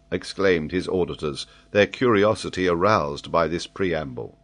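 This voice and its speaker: A man narrating a classic adventure novel as an audiobook in an expressive, measured storytelling manner. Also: deep voice.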